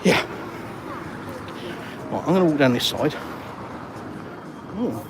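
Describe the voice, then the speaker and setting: A man's voice: a little high, lively intonation, slow. Chatty retired Englishman on a walk. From England. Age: older. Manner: chatty, reads viewer comments aloud, matey. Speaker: vlogger. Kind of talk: live-streamed walk and talk. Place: outdoors by water in a town. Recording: outdoor traffic noise.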